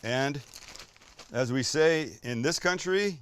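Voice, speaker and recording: An excitable man hosts a casual cooking demonstration at a middling pitch. He chats to the viewer with loose asides and swears when something delights him. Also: moderate pace, slight background noise. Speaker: cooking show host.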